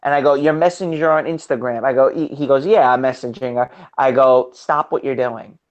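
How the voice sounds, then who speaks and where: A man's voice: mid-range voice, a little fast, highs cut off. A young man in a casual chat, telling blunt stories full of swearing. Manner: blunt, profane storytelling. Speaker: podcast co-host.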